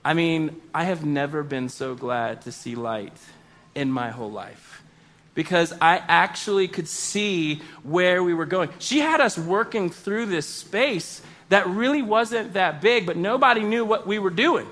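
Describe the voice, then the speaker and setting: Funny guy telling a story on himself, kinda high voice, bright tone, big exaggerated outbursts. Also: unhurried. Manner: animated, self-mocking, exaggerated outbursts. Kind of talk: comedic personal storytelling.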